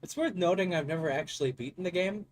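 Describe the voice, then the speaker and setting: A man's voice: sits high, fast talker, a little hiss or hum. A man giving casual, joking let's-play commentary, rambling and self-deprecating. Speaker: gaming YouTuber.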